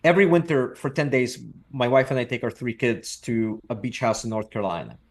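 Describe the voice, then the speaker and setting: A middle-aged Russian real estate investor appears as a guest on a podcast, talking casually in an interview setting. He is reflective, repeats words, and makes dry jokes, speaking a little fast in a medium-pitched voice.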